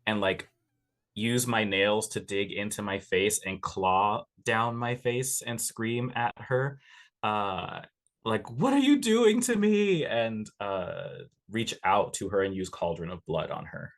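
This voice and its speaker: A man with a lowish voice plays in a tabletop role-playing game. He works out his character's actions aloud, stopping and restarting often as he thinks. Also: fairly even intonation, takes it slowly, fairly bright tone. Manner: hesitant, many fillers and restarts while planning moves. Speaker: player.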